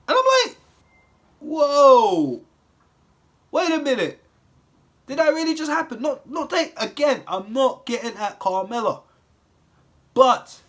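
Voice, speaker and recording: A man's voice: very high-pitched, sharp tone. Exasperated man ranting. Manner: heated, exasperated, lots of swearing and rhetorical questions. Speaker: wrestling commentary vlogger. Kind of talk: profane ranting monologue.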